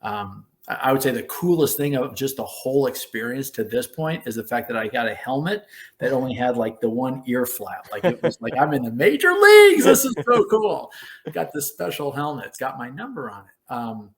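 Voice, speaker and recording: A man's voice: mid-range voice, fairly quick. A man in his fifties, a former ballplayer, telling a story as a podcast guest and acting out quotes with a raised voice. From United States. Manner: animated storyteller who acts out quotes in a raised voice. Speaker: former baseball player, guest.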